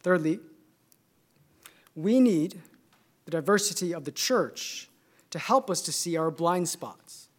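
A man with a Californian accent preaching a sermon, measured and emphatic, building his points through repeated phrases. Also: a little high, expressive.

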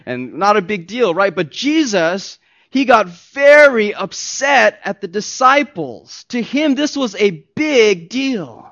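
A pastor preaching a sermon, emphatic and swinging from soft asides to loud stressed points. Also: male voice, high voice, big pitch swings, takes it slowly. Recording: dull lo-fi recording.

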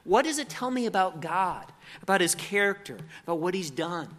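A man's voice: high voice, lively intonation, moderate pace, a bit bright. Man teaching with frequent restarts. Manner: conversational, many repeated words and restarts. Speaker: Bible teacher. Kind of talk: teaching talk on Bible meditation.

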